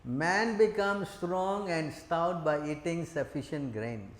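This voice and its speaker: A man's voice: on the high side, slow pace, echoey room. A man giving a scripture class who keeps asking the audience questions, laughs, and acts out quotes as he preaches. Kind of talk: sermon.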